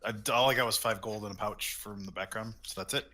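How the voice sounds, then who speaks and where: A man's voice: fairly low pitch, fairly even intonation, quick pace, bright, forceful tone, slight background noise. A man playing a tabletop game, chatting casually and asking about the rules. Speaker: player.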